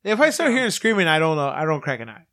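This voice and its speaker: A man's voice: on the high side, huge pitch swings, quick pace, a bit bright, no room sound, studio quality. A man in casual, profane chat, talking enthusiastically and laughing often.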